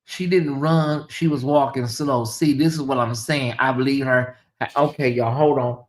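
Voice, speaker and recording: A man hosting a casual live-stream commentary, chatty and animated, often calling out to viewers. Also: medium pitch, unhurried. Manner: animated, chatty, laughs and addresses viewers as y'all. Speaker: commentary channel host.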